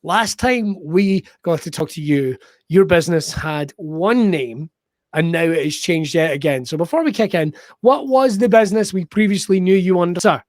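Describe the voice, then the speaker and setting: A man's voice: high voice, lively intonation, moderate pace, a little mellow, no echo, studio quality. A man with a Scottish accent hosting a podcast remotely, upbeat and jokey like a showman. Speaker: podcast host. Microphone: remote call.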